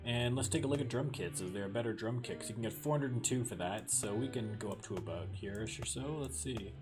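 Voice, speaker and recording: A Canadian man with a Canadian accent chats through a let's play at an average pitch. He rambles and drifts onto tangents as he plays. Game music is clearly audible behind his voice. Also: fast. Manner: chatty, wanders off on tangents. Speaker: gaming streamer.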